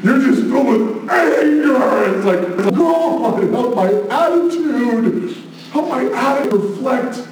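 A man preaching a sermon, passionate, moving between hushed asides and loud exclamations. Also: sits high, a little hiss or hum. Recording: very echoey room, mic at a distance.

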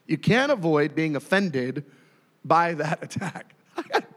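Male pastor, thirties, animated sermon delivery, reverberant hall. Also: a little high, takes it slowly. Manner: animated storytelling, acting out voices.

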